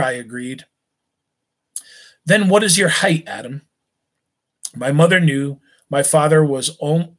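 Man reading a novel aloud, slightly high. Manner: steady, unhurried reading with small slips.

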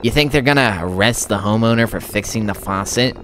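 A man voicing a pushy, creepy middle-aged male landlord in a game, with a nasal, high-pitched voice and a folksy, territorial way of talking. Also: brisk, a bit bright, faint music behind, lightly acted. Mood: condescending.

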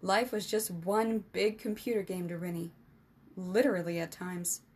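Female storyteller, scripted narration, ups her pitch for the characters' dialogue. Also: fairly even intonation, normal speed, breathy edge. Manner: voices boys' dialogue with higher, louder pitch.

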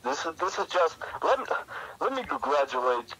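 A man's voice: a little high, sing-song, moderate pace, bright, forceful tone, slight background noise. A man co-hosting a podcast over a phone call, bantering and swearing casually. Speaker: podcast co-host.

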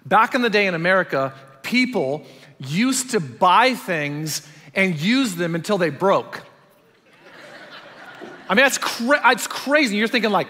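A man delivers a sermon in a large church auditorium, and his voice sits fairly high. He acts out little quotes, jumping up loud and then dropping to a near hush. The sound rings with the long reverb of a big hall. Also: normal speed. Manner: animated storytelling, acts out quotes with big swings from loud to hushed. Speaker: pastor.

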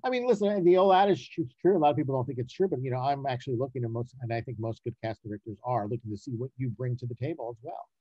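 A man, a casting director and writer, talking in a casual interview, animated and emphatic, often repeating words to stress a point. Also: mid-range voice, racing, hardly any pauses, husky, no room sound, highs cut off.

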